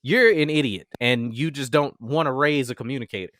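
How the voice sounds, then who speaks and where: A man's voice: mid-range voice, a little fast, fairly bright tone, dry recording, studio quality. A man in his thirties co-hosting a podcast, giving blunt opinions in a joking way and mocking how other people talk. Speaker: podcast co-host. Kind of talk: casual chat.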